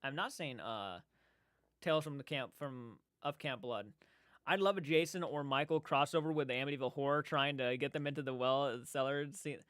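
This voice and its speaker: A man hosting a casual livestream chat. He is rambling and excitable and often restarts his sentences. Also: mid-range voice, brisk, dry recording, clean studio sound. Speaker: livestream host. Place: indoor room.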